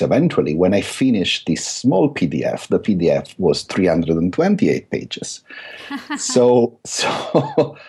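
A man's voice: low voice, darkish tone, slightly rough. A middle-aged man with a thick Italian accent, a guest author talking through a podcast interview with many fillers and restarts. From Italy.

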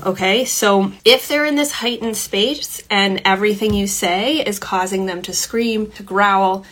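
A woman's voice: mid-range voice, a bit bright. A woman hosting a solo parenting podcast, talking casually, often checking in with "okay?" and "right?", breaking into small laughs, and briefly acting out the voices of children and parents. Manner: acts out quick voices of kids and parents; laughs lightly mid-sentence. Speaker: podcast host, parenting coach.

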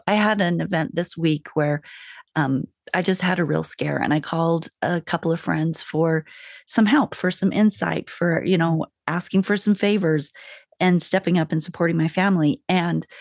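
A woman's voice: on the low side, gravelly, darkish tone, dry recording. Woman podcast co-host, enthusiastic, emphatic, dry close sound. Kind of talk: casual chat.

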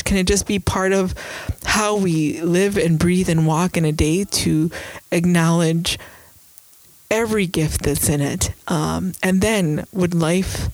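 Woman talking faith stuff on a podcast, kinda low voice, dry close sound. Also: a little mellow, no room sound, low-quality recording. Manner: earnest and reflective, with rhetorical questions. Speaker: podcast co-host.

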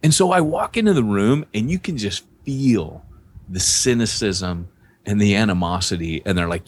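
Deep-voiced man telling a story. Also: moderate pace, a little hiss or hum. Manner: rambling, animated storytelling with frequent restarts. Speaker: podcast co-host, church planter. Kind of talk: casual storytelling on a podcast.

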